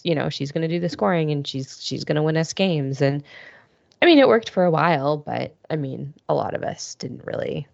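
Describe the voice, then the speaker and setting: A woman with a very low, gravelly voice chatting as a podcast co-host. She tells long, meandering stories full of fillers and restarts. The recording is dry and dull. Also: darkish tone, dry recording. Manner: rambling, filler-heavy storytelling. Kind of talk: casual chat.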